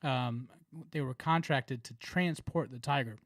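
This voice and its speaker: A man's voice: medium pitch, unhurried, fairly bright tone, no room sound. A man with a Southern American accent co-hosting a podcast, chatting casually with laughs and lots of fillers. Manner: laughing, rambling, filler-heavy. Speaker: podcast co-host. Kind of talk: casual chat.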